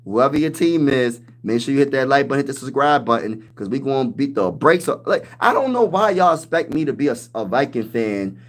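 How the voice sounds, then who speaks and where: A man hosting a casual sports livestream, hyping his team with loud trash talk and reading viewers' comments aloud. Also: mid-range voice, big pitch swings, fairly quick, few pauses. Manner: hyped trash talk, reads chat aloud. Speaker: livestream host.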